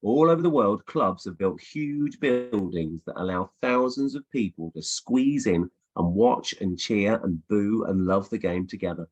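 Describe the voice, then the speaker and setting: A man's voice: lowish voice, unhurried, hardly any pauses, a little mellow, lo-fi sound. A middle-aged man, a children's author, chatting casually with schools over a video call from his home office, playful, with many ums and restarts. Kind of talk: casual virtual Q&A with reading aloud.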